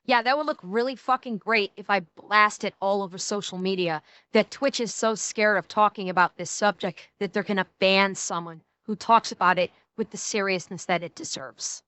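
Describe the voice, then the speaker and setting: A woman's voice: medium pitch, moderate pace, a bit bright, smooth, no room sound. A woman streamer giving casual reaction commentary, emphatic and ranting, swearing often and swinging between mocking and serious.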